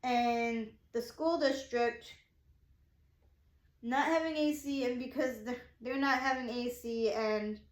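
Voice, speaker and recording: In an echoey room, a woman with a fairly high voice speaks at a slow pace as she recounts her day for her vlog. Her casual story rambles, full of restarts and "I'm like," as she excitably acts out people's lines.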